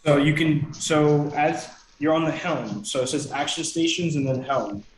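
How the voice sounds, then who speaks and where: A man's voice: fairly high pitch, steady tone, moderate pace, reverberant, a little hiss or hum, rough recording. A man running a tabletop game as game master, walking players through actions step by step.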